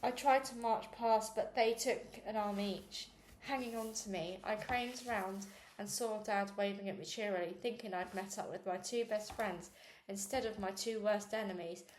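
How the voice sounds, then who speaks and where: A woman reading a children's novel aloud, with small slips and restarts, raising her pitch for the girls' quoted lines. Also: fairly even intonation, normal speed. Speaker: reader. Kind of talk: read-aloud book narration. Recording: echoey room with faint noise.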